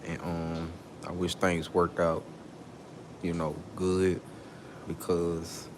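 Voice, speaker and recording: A man with a low-set voice vents straight to camera in a heated monologue. He swears freely, and his voice leaps up sharply when he gets worked up. A faint background hum sits under his talk. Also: flat delivery, takes it slowly, long pauses. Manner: angry ranting, swearing, voice leaping up when worked up. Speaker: vlogger.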